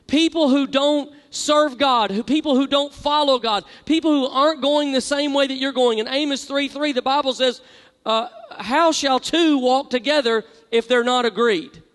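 A pastor's extremely high, slightly bright voice rings through a large church hall, trailing a long reverb. Reading scripture during his sermon, he prompts the congregation into call-and-response.

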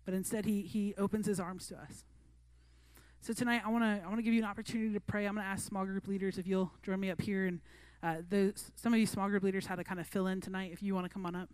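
A woman's voice: medium pitch, level tone, fast talker, darkish tone, clean tone, no room sound. A woman preaching a sermon to a youth group in an earnest, conversational way. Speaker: youth pastor.

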